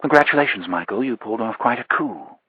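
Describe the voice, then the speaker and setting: A man's voice: mid-range voice, animated, fast talker, breathy edge, no echo, phone-quality sound. A man voicing a frank, blunt female colleague with a dry delivery.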